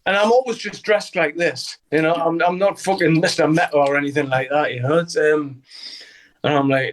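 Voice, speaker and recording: A man's voice: on the high side, steady tone, normal speed. Older Geordie man, salty and laughing. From Newcastle, England. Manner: swears freely, laughs often, acts out voices in anecdotes. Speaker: guest musician. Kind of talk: casual interview storytelling.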